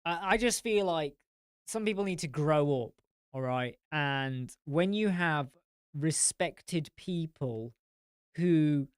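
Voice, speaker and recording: Male host, smooth dry close-mic voice, blunt ranting live-chat style. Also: on the high side, lively intonation, slow, no echo. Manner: blunt, rambling, swears. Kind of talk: casual live-stream chat.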